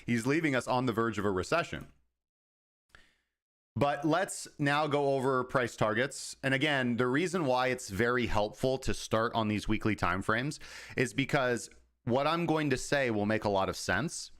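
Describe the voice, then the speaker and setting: A man who hosts a livestream and talks through crypto markets in an informal, explaining way. He often acts out traders' thoughts in quick asides. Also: medium pitch, fairly bright tone. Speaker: crypto market analyst, host. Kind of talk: casual livestream market commentary.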